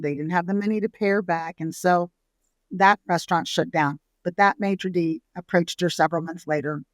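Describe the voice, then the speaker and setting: A middle-aged woman from San Antonio, Texas, a restaurateur telling her family's history in a relaxed interview, lively and acting out the people she quotes. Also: fairly low pitch, no room sound. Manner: lively storyteller who acts out family quotes. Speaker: restaurateur guest. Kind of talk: casual storytelling interview.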